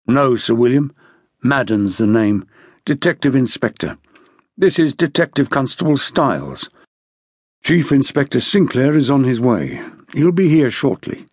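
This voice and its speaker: A man voicing a brisk, curt male detective inspector who speaks in clipped, impatient sentences. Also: mid-range voice, big pitch swings, darkish tone, breathy edge, no room sound, clean studio sound.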